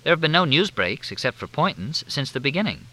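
A man's voice: a little high, big pitch swings, a little fast, sharp tone, voice pushed up, heavily acted, low-quality recording. A man reading aloud, voicing a brash, wisecracking woman reporter who talks bluntly and airily. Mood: teasing. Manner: blunt, teasing, airy.

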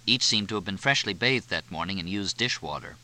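A man reading a novel aloud in a measured, expressive way. His voice sits low yet sounds bright and crisp. His delivery moves with a lively rise and fall. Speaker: audiobook narrator. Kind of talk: scripted narration.

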